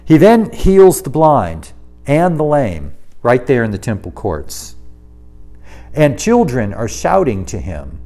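A man delivering a sermon as a pastor, reading scripture and explaining it to the congregation. His voice sits at a middle pitch and rises and falls a lot. He acts out the quoted lines with emphasis. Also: slow, soft background music. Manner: lively, emphatic preaching with dramatized quotes.

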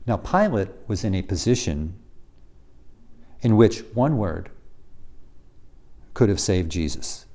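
Lively male Bible teacher. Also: on the low side, slow pace, long pauses. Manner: animated, with restarts and varied loudness.

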